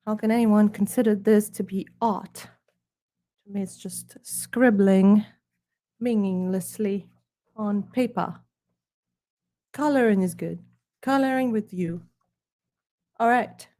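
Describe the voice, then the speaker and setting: A woman's voice: medium pitch, slow, pauses often, dark tone. A woman from Ukraine, talking in a put-on British accent and giving a sarcastic, mock-snobbish preview of her own art books. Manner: sarcastic, dry put-on posh delivery.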